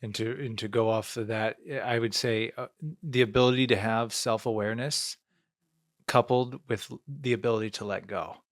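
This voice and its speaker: A man's voice: fairly low pitch, steady tone, moderate pace. Brief: male podcast host, easygoing and reflective, quotes his own inner voice. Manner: reflective, laughs lightly, acts out his own thoughts. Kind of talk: casual podcast conversation.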